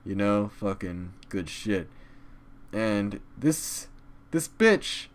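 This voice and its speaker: Low-voiced young man ranting profanely. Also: lively intonation, drawn-out words. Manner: profane, rambling, with sudden loud outbursts. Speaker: comedic vlog host. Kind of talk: crude rambling comedic monologue.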